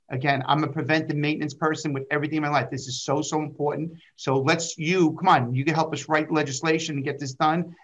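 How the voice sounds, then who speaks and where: A man's voice: on the high side, fairly bright tone. A man, a state senator, speaking earnestly and rambling a little on a panel video call. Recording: dull lo-fi call audio.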